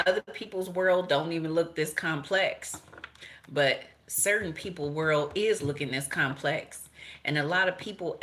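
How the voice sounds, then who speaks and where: A middle-aged woman giving a casual tarot and astrology reading, blunt and profane, animated and laughing often. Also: low voice. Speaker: tarot reader.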